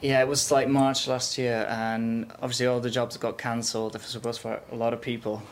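A man's voice: medium pitch, little pitch movement, moderate pace. A man from Italy with an Italian accent, a guest chatting casually and laughing easily, with many fillers. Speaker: guest, small business owner. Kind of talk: casual interview chat.

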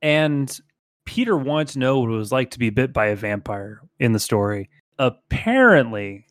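A man with an expressive, medium-pitched voice co-hosts a podcast, reading fan fiction aloud in a casual, joking way. He keeps breaking into laughter and quick put-on voices, and the studio-quality audio has no room sound.

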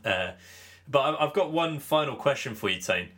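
A man's voice: mid-range voice, lively intonation, moderate pace, fairly bright tone. A man hosting a cricket podcast, chatting casually and teasing his co-host with a joking manner. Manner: joking, teasing, mimics commentators. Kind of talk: casual chat.

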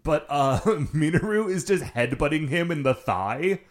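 Lively man laughing through a recap. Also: a little high, measured pace. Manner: laughing, lively, quotes characters. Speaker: podcast co-host. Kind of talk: casual chat recapping a TV episode.

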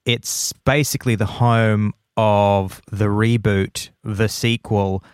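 A man's voice: lowish voice, steady tone, slow, a little mellow, smooth, no room sound, studio quality. A man hosting a podcast in casual chat, enthusiastic and playful, often repeating lines for effect. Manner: enthusiastic, repetitive listing, playful. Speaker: podcast host.

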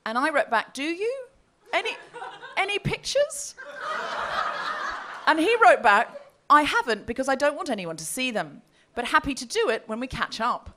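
A woman's voice: high voice, sing-song, fairly quick, a bit bright, a little hiss or hum. A woman co-hosting a live comedy podcast, telling a story with laughter and quoting messages in put-on voices. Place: live comedy festival show.

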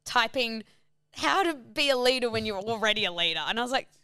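A woman's voice: fairly high pitch, a little fast, noisy background. A young Australian woman in casual chat, telling a travel story with lots of acted-out quotes and laughter. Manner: animated storyteller, acts out quotes, laughs often.

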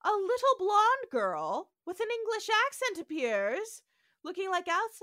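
A woman's voice: very high-pitched, unhurried, no room sound, clean studio sound. A woman co-hosting a podcast, telling the story with lots of laughs and acted-out quotes in a casual chat. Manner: laughing, animated storyteller who acts out quotes. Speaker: podcast co-host.

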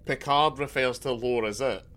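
A man's voice: medium pitch, normal speed, fairly bright tone. A man co-hosting a podcast in casual chat, rambling, losing his thread and swearing freely. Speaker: podcast co-host.

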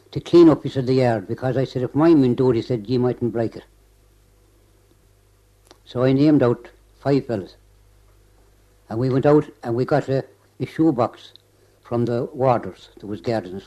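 On a rough recording, an elderly Irish man shares an oral history memory with an interviewer in a mid-range, dark, mellow voice. His telling wanders and keeps restarting, with "he said" threaded after almost every clause.

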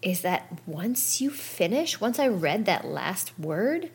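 A woman's voice: medium pitch, sing-song, takes it slowly, husky. A woman hosting a podcast, speaking frankly in a casual monologue that addresses her listeners directly. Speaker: podcast host. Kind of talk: candid personal podcast monologue.

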